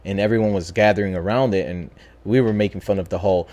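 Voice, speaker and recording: A man casually telling a spooky personal story as a podcast host, talking in a lively, profane way. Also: low voice, quick pace. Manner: animated, profane, acts out voices in his story.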